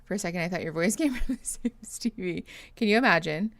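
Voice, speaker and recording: Her voice is lowish but lively in intonation, a little fast and fairly bright, in a dry recording. This young adult therapist streams reactions, chatting casually, reading comments, greeting viewers, laughing often, and yawning from tiredness.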